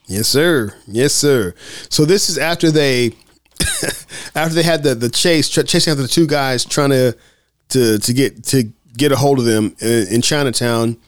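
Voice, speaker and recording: A man's voice: mid-range voice, a little slow, no echo. A man hosting a casual film commentary podcast, acting out movie quotes with laughs. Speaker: podcast host.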